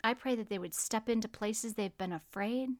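A woman's voice: on the high side, dry recording. A middle-aged woman co-hosting a faith podcast, telling stories and praying aloud in an earnest way. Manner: slow, warm, earnest. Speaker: podcast co-host. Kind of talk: casual chat and spoken prayer.

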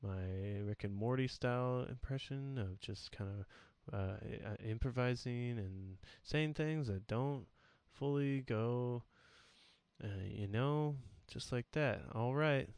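A man's voice: medium pitch, takes it slowly, darkish tone, smooth, no echo. A young man hosting a podcast, rambling through a goofy, self-deprecating solo sign-off in casual chat. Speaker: podcast host.

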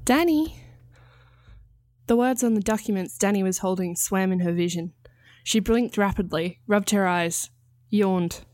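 A woman reads her own fiction aloud in a calm, measured way, with a mid-range voice. The sound is dry and close, with no room around it. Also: mid-range voice, dry recording, faint music behind. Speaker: author reading her story. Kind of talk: scripted narration.

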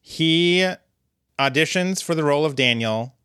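A man co-hosting a podcast, recapping an episode in a relaxed way with dry humor and lots of ums. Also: a little high, unhurried, clear, resonant tone, dry recording. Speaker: podcast co-host.

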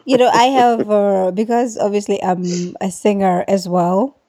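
A woman from England hosting a casual chat, frank and quick to laugh. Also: medium pitch, fairly even intonation, warm tone, a little hiss or hum. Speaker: podcast host.

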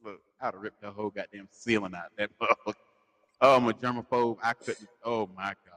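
A man's voice: lowish voice, steady tone, brisk, a bit bright, in a large hall. A man with a Southern US accent, co-hosting a podcast, telling crude stories with lots of laughter and slang. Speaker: podcast co-host. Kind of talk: casual storytelling chat.

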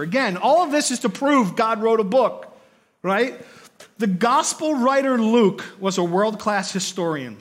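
A man with a notably high voice delivers a sermon to a class. He talks in an animated way, telling vivid stories, counting aloud and asking rhetorical questions of his listeners. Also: measured pace. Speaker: pastor or teacher.

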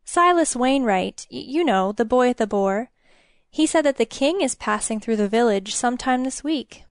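A woman's voice: fairly high pitch, expressive, normal speed, no echo, studio quality. A woman voicing a playful, teasing young village woman with a lilting voice.

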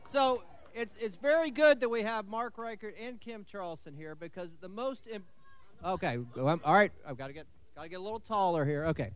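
A man's voice: high-pitched, brisk, dry recording. A man hosting a raffle at a live event, chatty and fumbling with good humor.

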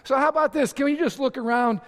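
A male pastor preaching a sermon to a congregation, energetic and emphatic, with sudden shouts and playful asides. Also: very high-pitched, quick pace, long reverb tail. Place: church auditorium with congregation.

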